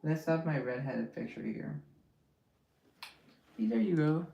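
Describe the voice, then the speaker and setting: A man hosting a casual show, reacting quickly and chattily to viewer comments. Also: on the high side, expressive, vocal fry, dark tone, dull audio. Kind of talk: casual live chat.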